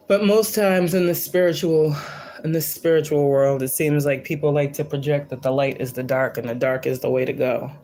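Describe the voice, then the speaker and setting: Low and dark, this woman's voice belongs to a spiritual reader hosting a laid-back livestream. She preaches defiantly and bluntly, swearing freely and frequently repeating herself for emphasis.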